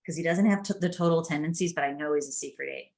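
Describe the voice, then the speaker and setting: This middle-aged podcast host talks fast in a low, creaky, somewhat dark voice. She shares family stories in a chatty, relaxed way, laughing as she goes.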